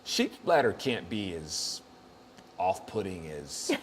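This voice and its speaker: A man's voice: deep voice, big pitch swings, slow pace, a little hiss or hum. A man hosting a show, chatting casually and jokily, rambling and laughing often. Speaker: show host. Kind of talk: casual comedic chat.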